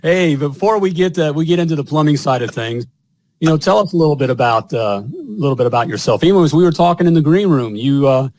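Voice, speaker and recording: A man's voice: fairly high pitch, animated, quick pace, a little mellow, no room sound. A man hosting a live online talk show in a folksy, salesy way, repeating himself as he talks. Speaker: host of a live plumbing show. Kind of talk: upbeat live-stream monologue. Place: home studio.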